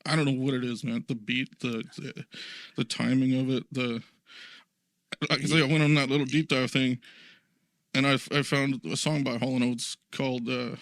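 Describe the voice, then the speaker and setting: Male podcast co-host, mid pitch, rambling and self-mocking, dry room. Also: fairly even intonation, normal speed, fairly bright tone, no room sound. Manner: rambling, self-deprecating, laughs often. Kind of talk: casual podcast chat. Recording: dry studio sound.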